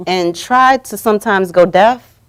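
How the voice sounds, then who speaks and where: A woman hosting a live talk show, coaching her guests to say affirmations out loud. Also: medium pitch, a little slow, clear, resonant tone. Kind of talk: motivational talk show chat. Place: studio or room, streamed live.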